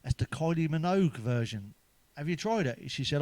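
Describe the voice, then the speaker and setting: Crude stand-up, middle-aged man, slightly high voice, dry close sound, swears freely. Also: lively intonation, fairly quick, dry recording. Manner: crude, swearing, laughs at own jokes. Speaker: stand-up comedian. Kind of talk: stand-up jokes told to camera.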